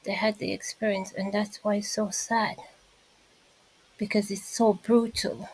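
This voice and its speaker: Slow, emphatic woman vlogger. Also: medium pitch, little pitch movement, darkish tone, breathy edge, rough recording. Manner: emphatic and repetitive, addresses listeners directly. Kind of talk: casual commentary monologue.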